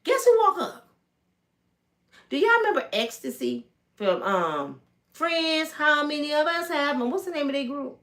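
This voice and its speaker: Animated, lively woman from Michigan. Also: high-pitched, a little slow. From Michigan, USA. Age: 50s. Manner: animated, emphatic, acts out voices. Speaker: storytelling vlogger. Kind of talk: casual storytelling.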